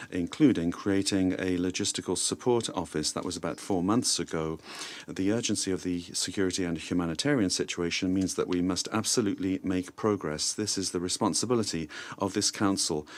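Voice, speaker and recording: A man delivering a formal statement to a security council in a measured way, with frequent hesitations. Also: sits low. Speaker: speaker for France's delegation at the UN Security Council.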